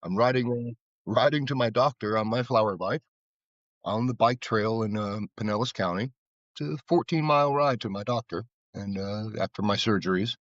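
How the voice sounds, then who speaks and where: A guest from Florida, an American man who makes flower bikes, tells loose, rambling stories in casual conversation, full of "you know" and repeated words. His voice is fairly low and his pace normal, recorded with no room sound and the highs cut off.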